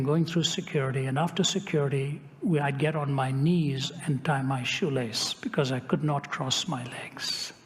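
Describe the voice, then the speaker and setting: A man's voice: fairly high pitch, a little hiss or hum. A male preacher telling a personal story in a sermon, acting out the quoted speech with wry asides. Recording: long hall reverb.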